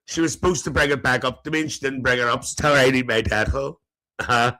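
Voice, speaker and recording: A man's voice: medium pitch, quick pace, bright, forceful tone, natural voice, rough recording. A man playing a gossipy, cheeky older auntie who hosts a live comedy stream, chatting and teasing the viewers and laughing between lines.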